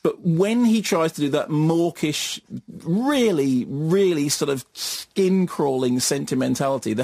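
Brief: British male radio film critic, slightly high, husky timbre, animated sarcastic delivery, dry close studio sound. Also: no room sound. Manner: animated, mocking impressions, quick asides. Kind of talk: radio film review banter.

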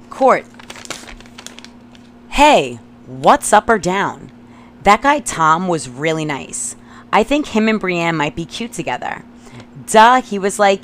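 A woman's voice: on the low side, a bit bright, slight background noise. A woman in her thirties from Long Island, a podcast host reading old notes aloud and adding profane, giggly asides. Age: 30s.

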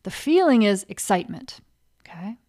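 A woman's voice: mid-range voice, big pitch swings, moderate pace, warm tone. A woman hosting a podcast, coaching listeners in a casual way and acting out inner thoughts in little quoted voices. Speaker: podcast host and career coach.

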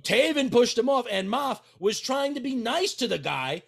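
A man's voice: very high voice, big pitch swings, moderate pace, creaky, fairly bright tone, slightly rough. A man in casual podcast chat as a wrestling manager, brash and boastful, trash-talking people.

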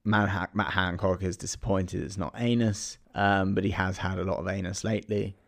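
A man tells a ridiculous improvised tale and trades jokes with a friend. His voice is low and gravelly, with a rough edge of fry. He laughs easily and builds on the other man's jokes. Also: flat delivery, normal speed. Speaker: comedy podcast co-host. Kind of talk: improvised comic storytelling.

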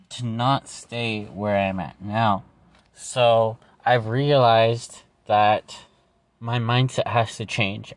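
On his own podcast, a man talks over personal reflections in an earnest, halting way, restarting and using fillers. His voice is medium in pitch.

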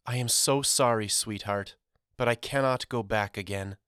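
A man voicing a gentle, loving mother who speaks tenderly and soothingly to her sons. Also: on the low side, normal speed, smooth, dry recording, clean studio sound, natural voice.

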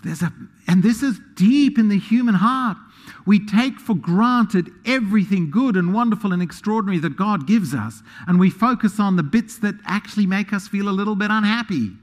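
A man preaching a sermon, animated, swinging between quiet asides and loud emphasis. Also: high voice, normal speed, in a large hall. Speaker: pastor.

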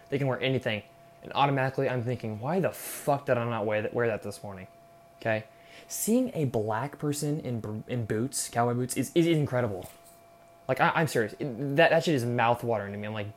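A man's voice: mid-range voice, a little mellow, slight background noise. A young man hosting a solo podcast, rambling and swearing, with "okay?" tagged on after his points. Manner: rambling, profane, repeats "okay?". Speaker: podcast host. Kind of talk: casual solo podcast rant.

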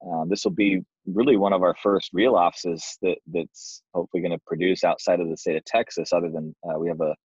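A man's voice: low-pitched, steady tone, brisk, few pauses, darkish tone, slightly rough, no echo. A young man casually telling a self-deprecating story as a guest, easygoing and plain-spoken. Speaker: guest, door-to-door sales manager. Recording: dull, dry lo-fi sound.

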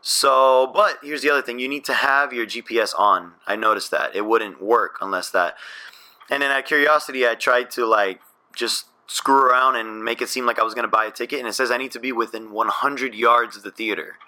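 Bright-voiced man chatting casually. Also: medium pitch, brisk. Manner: laid-back, rambling, swears casually. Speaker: podcast co-host. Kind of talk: casual chat.

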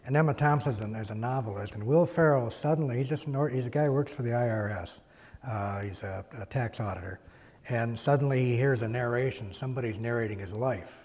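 Interviewer guy, relaxed retelling, middle pitch, echoey hall sound. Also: fairly quick. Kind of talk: interview conversation.

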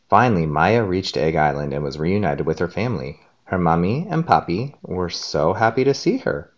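A man reading a storybook aloud to his child in a gentle, expressive way. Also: low voice, moderate pace, few pauses, lo-fi sound.

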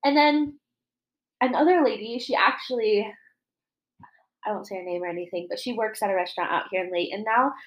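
A woman in her twenties telling customer-service stories in a casual podcast chat, animated and full of profanity, acting out the people she quotes. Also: medium pitch, a little fast, pauses often, dull audio. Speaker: podcast co-host.

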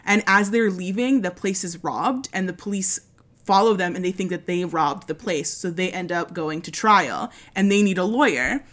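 A woman's voice: lowish voice, normal speed. A woman co-hosting a casual chat. She tells stories with lots of swearing and sudden jumps into put-on voices. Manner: animated storytelling, frequent swearing; doing voices while retelling scenes.

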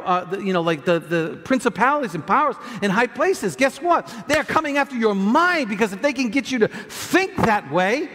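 Animated preacher man in a reverberant hall. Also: high voice. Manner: animated preaching, acts out voices of doubters; many restarts and repeated words. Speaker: pastor. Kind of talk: sermon.

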